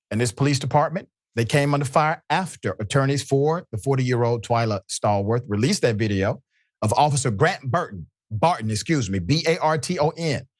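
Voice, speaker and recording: A man's voice: mid-range voice, no room sound, studio quality. A male host giving live news commentary in an emphatic, indignant manner. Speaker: show host.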